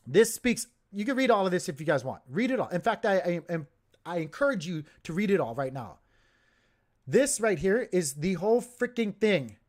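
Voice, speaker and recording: A man hosting a crypto livestream, talking in a heated, emphatic way and repeating himself as he gets worked up. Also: high voice.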